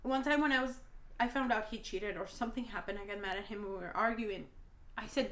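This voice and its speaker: A woman's voice: mid-range voice, brisk, a bit bright, roomy sound. A woman telling an emotional storytime vlog, blunt and rambling, swearing a lot, a native Spanish speaker talking in English. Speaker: vlogger.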